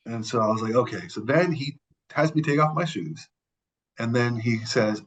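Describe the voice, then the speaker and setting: A man, a podcast guest, telling a story in a casual, animated and profane way, acting out the people he quotes. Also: medium pitch, a little fast, rough recording.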